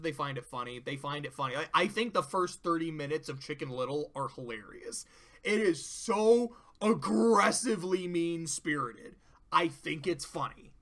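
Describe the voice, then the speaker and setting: A man's voice: sits high, sharp tone. A man reviewing cartoon episodes in a casual, rambling way, frank and profane, with many fillers.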